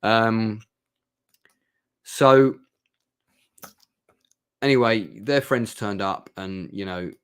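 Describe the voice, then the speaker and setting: A man's voice: on the low side, extremely slow, pauses often, fairly bright tone, smooth. A man, casually telling a heartfelt, rambling story as he reviews a night out. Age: 50s. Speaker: vlogger reviewing a club night.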